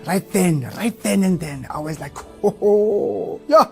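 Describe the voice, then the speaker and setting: A man with a voice on the high side, creaky and mellow, offers a personal church testimony at a moderate pace while soft music plays. He is earnest and emotional, stuttering heavily on first syllables, and at times breaks into fervent outbursts.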